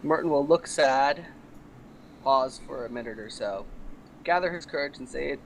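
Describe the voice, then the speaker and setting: A man's voice: medium pitch, normal speed, creaky, slight background noise, poor audio. A man playing his character in a tabletop role-playing game, speaking carefully and politely. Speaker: player.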